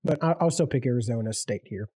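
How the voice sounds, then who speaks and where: A man co-hosting a casual sports picks podcast, easygoing and halting, often repeating his words. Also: medium pitch, animated, mellow, no echo. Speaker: podcast co-host.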